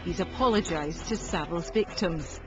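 A narrator reading a scripted documentary in a measured, grave way. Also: mid-range voice. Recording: dull audio under music. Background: music bed.

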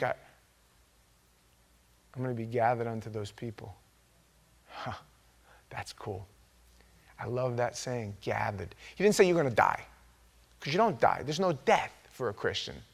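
A male pastor with a gravelly, mid-range voice delivers an animated sermon in a church sanctuary. His storytelling shifts from quiet conversation to sudden loud outbursts whenever he voices the people he's quoting.

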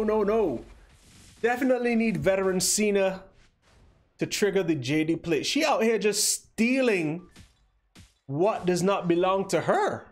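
A young man streaming a mobile game and bantering with his viewers, joking and teasing as he plays. His voice sits fairly high for a man, and he takes his time, drawing out his words at an unhurried pace. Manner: playful, teasing banter with chat. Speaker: livestream host. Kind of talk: casual gameplay commentary.

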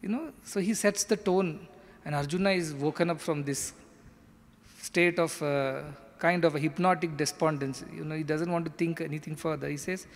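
A man's voice: a little high, fairly even intonation, normal speed, big-room sound. A man giving an earnest, explanatory spiritual discourse. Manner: earnest, explanatory, acts out quoted lines. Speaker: spiritual teacher.

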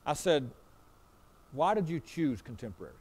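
A man's voice: on the high side, big pitch swings, normal speed, a little mellow, husky. A man preaching a sermon as pastor, telling a story in a folksy way and acting out both sides of a conversation. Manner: folksy, repeats "I said" and "he said".

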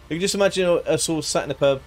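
A man's voice: a little high, slight background noise. A man chatting casually on a live game stream, joking, laughing and thanking viewers by name.

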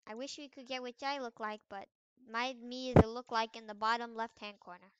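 A woman's voice: on the high side, steady tone, fairly quick, smooth, no room sound, muffled recording. A young woman chatting playfully while playing an online game, exclaiming often as she narrates what happens. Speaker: gamer. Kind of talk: casual gameplay commentary.

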